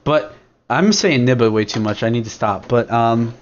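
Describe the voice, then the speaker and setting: A young man talks loosely as a podcast host, crude and rambling, stacking fillers and restarting his sentences. His pitch sits in an ordinary middle range for a man. The recording sounds dull and lo-fi. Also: normal speed. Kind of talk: casual rambling chat.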